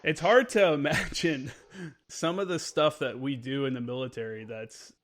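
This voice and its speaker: A man's voice: mid-range voice, moderate pace, fairly bright tone. A man who is a former Marine, telling stories as a podcast guest in a loose, profane way and acting out the people in them. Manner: profane, acts out voices in his stories. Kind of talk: casual storytelling.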